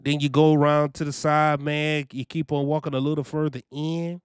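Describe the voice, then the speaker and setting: A man's voice: on the high side, little pitch movement, moderate pace, very noisy. A young man talking casually and animatedly about his trucking orientation, often saying "you know" and "man.". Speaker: trucking vlogger. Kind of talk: casual first-person review.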